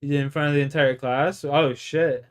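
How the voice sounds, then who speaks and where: A man's voice: a little high, fairly even intonation, normal speed. A young man from Canada telling rambling, profane stories in casual chat. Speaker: gaming streamer. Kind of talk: casual storytelling.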